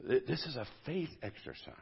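Male pastor, husky mid-pitched voice, informal sermon at a church service, dull lo-fi recording. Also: animated, brisk. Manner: conversational, swinging from loud bursts to quiet asides. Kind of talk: informal sermon to a men's group.

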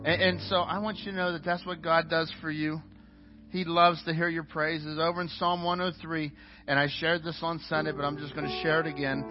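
A man's voice: fairly high pitch, little pitch movement, moderate pace. A man preaching as pastor in a church sanctuary, earnest, often restarting and repeating words. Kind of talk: sermon. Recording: dull, muffled sound with faint music.

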